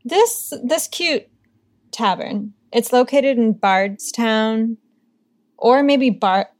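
A woman's voice: a little high, very slow, dry recording, clean studio sound. A woman co-hosting a podcast, telling a ghost story in a chatty, joking way. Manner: chatty, filler-heavy, joking asides. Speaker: podcast co-host.

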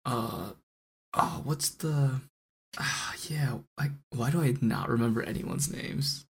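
A man's voice: mid-range voice, slow pace, creaky, husky. A young man co-hosting a podcast in casual chat, easygoing and laughing often. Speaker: podcast co-host.

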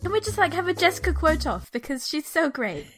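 A woman co-hosting a casual chat, enthusiastic and quick to joke, laughing often. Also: extremely high pitch, big pitch swings, fairly bright tone, soft background music. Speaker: podcast co-host.

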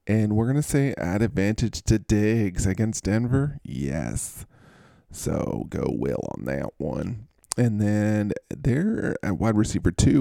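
A man's voice: on the low side, gravelly, mellow, dry recording. A man hosting a fantasy football show, breaking down matchups in a playful, teasing and theatrically gushing manner. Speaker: podcast host.

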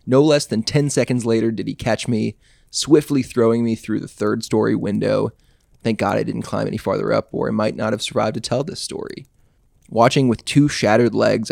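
A man's voice: on the low side, gravelly, darkish tone, dry recording. A man hosting a podcast, reading his own short story aloud with dry, sardonic narration. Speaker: podcast host.

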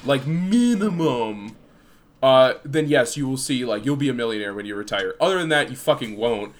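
A man's voice: medium pitch, animated, moderate pace. A man co-hosting a podcast in casual chat, rambling, joking and swearing. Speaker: podcast co-host.

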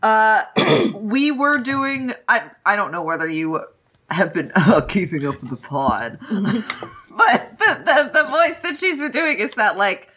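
A woman co-hosting a casual podcast, animated and joking crudely while discussing a novel. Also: mid-range voice, takes it slowly, husky. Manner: animated, laughing, crude jokes. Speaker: podcast co-host. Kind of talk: casual chat reading a novel aloud.

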